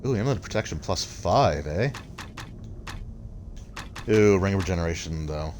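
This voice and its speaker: A Canadian man with a low voice talks fast while streaming a video game, rambling and thinking aloud as he chats with viewers. It's casual gameplay commentary, and loud, steady background noise runs under the recording.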